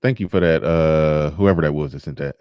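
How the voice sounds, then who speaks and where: A man's voice: extremely low pitch, fairly quick, clear, resonant tone, dry recording, highs cut off. A man hosting a live show, commenting in a chatty, wry way and reading pages aloud. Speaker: podcast host.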